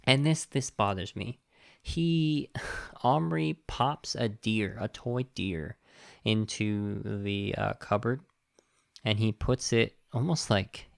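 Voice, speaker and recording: Man, podcast host, low pitch, gravelly voice, dry close sound, animated recap. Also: no echo. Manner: animated, indignant retelling. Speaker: podcast host reviewing a film. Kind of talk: casual film review chat.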